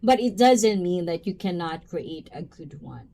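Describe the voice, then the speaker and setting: A woman's voice: fairly low pitch, lively intonation, unhurried, gravelly, dark tone, a little hiss or hum. A woman hosting a casual livestream, chatting with viewers and calling them by name. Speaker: livestream host reacting to chat.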